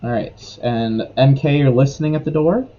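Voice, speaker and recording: A man narrating as game master of a tabletop role-playing game, laying out a grim scene in easy, unhurried talk. His voice is dark and mellow. The stream audio is dull and lo-fi. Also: mid-range voice. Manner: descriptive, relaxed narration with fillers.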